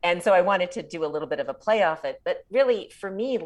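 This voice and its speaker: A woman speaking as an author in a reflective spiritual talk, measured and pausing to find her words. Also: lowish voice, expressive.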